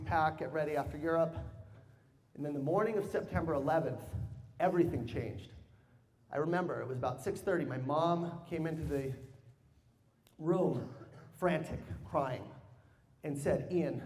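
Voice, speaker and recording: A man telling a personal story as a sales speaker to a live audience, animated and humorous, drawing answers from the crowd. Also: a little high. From United States. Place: large hall with audience. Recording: long hall reverb.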